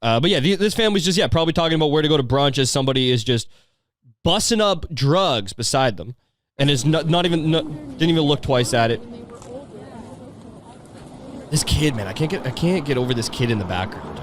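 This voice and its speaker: A man's voice: a little high, expressive, fast talker, no room sound. Rambling, profane man with a dry sound. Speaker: podcast host. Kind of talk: casual commentary on a video.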